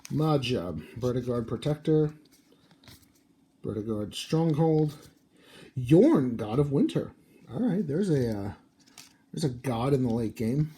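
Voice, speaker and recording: A man's voice: medium pitch, animated, slow pace, long pauses, mellow, breathy edge. Drowsy man muttering card names. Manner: reads card names aloud in a muttering, offhand way. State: sleepy, yawning. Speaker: card-opening video host. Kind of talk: casual card unboxing commentary.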